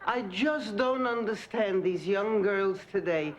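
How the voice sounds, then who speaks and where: A woman's voice: medium pitch, slow, close to an everyday voice. An actress playing a doting, fussy older woman. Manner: doting, calls people sweetheart.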